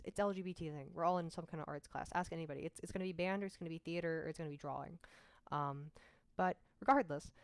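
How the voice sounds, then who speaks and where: A woman's voice: fairly low pitch, no room sound. A young woman from Mississippi telling her personal story to camera in a candid, frank, conversational way, with self-deprecating asides. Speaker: vlogger.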